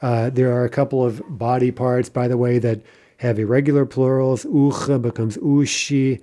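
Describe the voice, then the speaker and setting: A man teaching a language lesson in a patient, explanatory way, often checking with "right?" and pausing on fillers. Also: medium pitch, little pitch movement, mellow.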